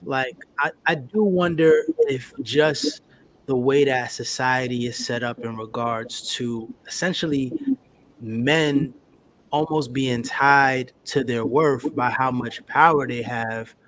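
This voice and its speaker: A man's voice: medium pitch, slow pace, fairly bright tone, a little hiss or hum, low-quality recording. A man with a mid-range voice thinks aloud on a panel. He speaks thoughtfully and hesitantly, leaning on plenty of fillers. His delivery is plain and conversational. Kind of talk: casual panel discussion.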